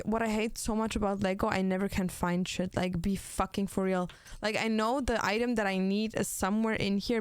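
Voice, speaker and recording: A woman's voice: mid-range voice, fairly even intonation, moderate pace, creaky, pauses often, clear, resonant tone, no room sound. A young woman streaming, chatting casually while she plays, blunt and swearing freely with lots of fillers. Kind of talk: casual chat while gaming.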